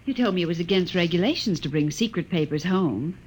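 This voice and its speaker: A woman plays a middle-aged mother in a vintage radio drama, soothing yet fretful. Her pitch rises and falls expressively. Faint hiss from the old recording sits behind her. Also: lively intonation, brisk, a little mellow, lightly acted. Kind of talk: 1940s radio acting.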